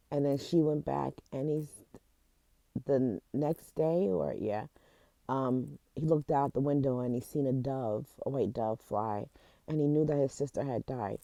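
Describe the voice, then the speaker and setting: A woman in a casual vlog, retelling a story in an emotional, halting way, close to tears, with many restarts. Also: sits low, mellow, dry recording. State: teary, close to crying. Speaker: vlogger. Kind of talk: casual chat.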